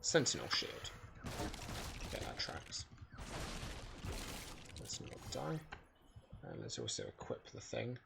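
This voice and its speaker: Man, gravelly voice, lowish pitch, rambling gameplay commentary, faint background hiss. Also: wildly swooping pitch, slow pace, pauses often. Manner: rambling, self-correcting, musing aloud. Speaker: gaming video creator. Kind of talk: casual speedrun commentary.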